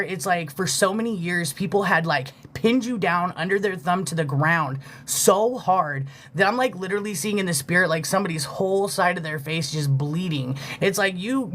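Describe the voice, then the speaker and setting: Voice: medium pitch, fairly bright tone, a little hiss or hum. Heartfelt, loosely rambling live reader. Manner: loose, heartfelt, swears freely, heavy filler "like"; thanks viewers for gifts mid-reading. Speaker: livestream spiritual reader. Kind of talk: casual live-stream intuitive reading.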